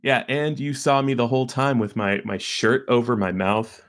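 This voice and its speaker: A man co-hosting a podcast in casual chat, joking and playful. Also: mid-range voice. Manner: joking, playful, quick to laugh. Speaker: podcast co-host.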